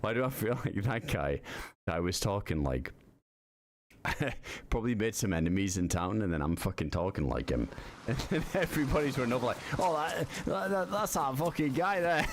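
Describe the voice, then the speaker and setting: A male streamer giving loose gameplay commentary, breaking into laughter and casual swearing. His pitch moves around a lot, with a faint hiss in the background. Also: sing-song, normal speed, long pauses. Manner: laughing, swearing, talking to himself.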